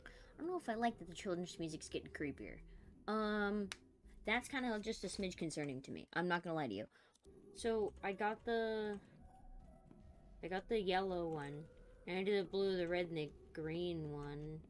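A woman's voice: fairly low pitch, moderate pace, a little hiss or hum. A young woman streamer playing a scary game, talking to herself in a jittery way and swearing often. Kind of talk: let's play commentary.

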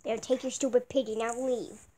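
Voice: mid-range voice, flat delivery, normal speed, dark tone. A performer in a comedy skit who plays an exasperated adult, talking sarcastically and cursing.

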